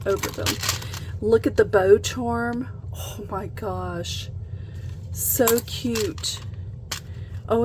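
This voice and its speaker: A woman hosting a craft vlog, gushing with excitement in a casual chat as she unboxes things. She speaks at an unhurried pace, with a clear hum of background noise in her home room. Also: medium pitch. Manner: gushing, excited, gasps and laughs often. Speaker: craft channel host.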